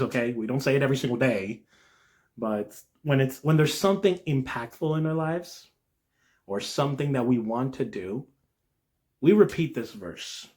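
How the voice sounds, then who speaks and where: Young man, slightly high voice, earnest devotional talk, conversational asides. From New Jersey. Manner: earnest, lively rises in pitch, frequent "all right?" asides. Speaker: Christian video creator.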